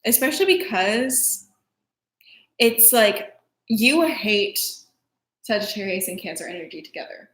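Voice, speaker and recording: A woman's voice: mid-range voice, animated, measured pace, pauses often, a bit bright. A woman astrologer co-hosting a live stream, talking casually with lots of fillers and sarcastic asides. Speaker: astrologer co-host. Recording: echoey room.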